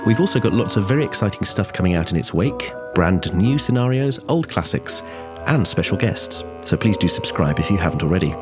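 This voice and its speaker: A man's voice: sits low, lively intonation, brisk. A man hosting a podcast, reading credits and announcements in a polite, upbeat way. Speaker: podcast host. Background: music.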